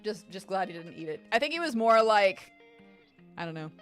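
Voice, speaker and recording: Young female streamer, lively casual chat, swears a lot, soft music bed. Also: medium pitch, moderate pace. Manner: animated storytelling, swears freely.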